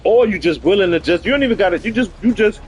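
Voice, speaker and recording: New man, high and lively, telling a comic story on a stream, loud one second and muttering the next. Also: fast talker, faint music behind. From New York. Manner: animated, swings from loud to mumbled asides. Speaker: live stream host.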